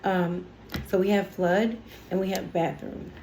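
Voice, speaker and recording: A woman's voice: on the low side, level tone, a little slow, darkish tone, roomy sound, a little hiss or hum, rough recording. A woman giving a casual tarot reading on her channel, talking in an emotional, chatty way with lots of fillers, teary as she goes. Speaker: tarot reader.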